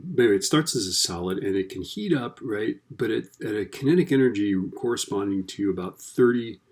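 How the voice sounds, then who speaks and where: A man's voice: on the low side, darkish tone. A man teaching a recorded lesson in a chatty, casual way, often checking in with "right?". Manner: chatty, keeps asking "right?".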